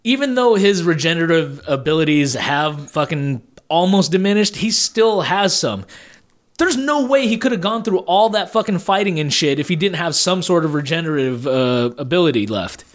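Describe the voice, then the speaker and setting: A man co-hosting a casual movie review chat with a notably high voice. He talks in a loose, laid-back way, swearing freely and padding his points with fillers. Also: animated, moderate pace. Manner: laid-back and profane, lots of fillers like "you know". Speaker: podcast co-host.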